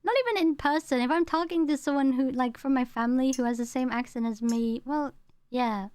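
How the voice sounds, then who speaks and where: A woman's voice: high voice, fairly even intonation, a little fast, darkish tone, clean tone, no echo. A woman from the United Kingdom, a VTuber streamer, chatting casually and reading her chat aloud. She rambles, repeats herself, and tones down her home accent.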